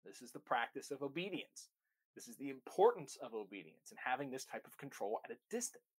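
A man's voice: mid-range voice, very animated, brisk, darkish tone, breathy edge. A young man, a dog trainer, giving an instructional talk with an emphatic delivery, repeating key phrases for weight.

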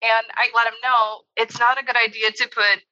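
A woman's voice: a little high, normal speed, lo-fi sound. A woman in her thirties, a developmental therapist, telling a parenting story in a conversational interview, laughing often and acting out what she said. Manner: animated storytelling, laughs often, acts out her own quoted lines.

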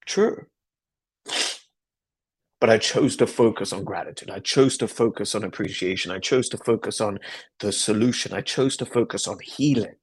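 A man's voice: on the low side, normal speed, breathy edge. A man hosting a podcast, telling a personal story in an earnest, reflective way with a lot of repetition. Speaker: podcast host. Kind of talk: personal story, motivational talk.

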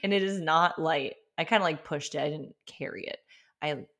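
A woman's voice: low-pitched, normal speed, a bit bright. A young woman telling her birth stories in a candid, chatty way, with many filler words and open emotion. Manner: emotional, openly honest. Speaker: podcast host. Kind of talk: candid personal storytelling.

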